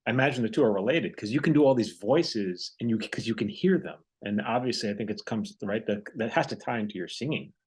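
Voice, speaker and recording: A man hosting a podcast, interviewing a guest in casual talk with quick replies and follow-up questions. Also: lowish voice, animated, a little mellow. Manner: conversational, quick back-channel replies. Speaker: podcast host and screenwriter.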